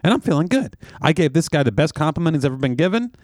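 Animated man telling a rambling story. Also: fairly high pitch, fast, dry recording, clean studio sound. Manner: rambling, self-deprecating anecdotes. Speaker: podcast co-host. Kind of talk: casual comedic storytelling.

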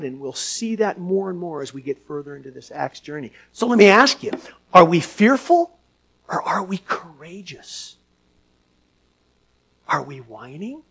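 A man preaching a sermon as pastor to his church, asking the congregation questions and swinging from hushed lines to loud ones. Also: high voice, slightly rough.

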